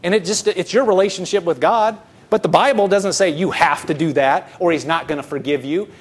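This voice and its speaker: High-voiced man preaching conversationally. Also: fairly quick, husky. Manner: earnest, rhetorical questions, frequent restarts. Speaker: pastor. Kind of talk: conversational sermon.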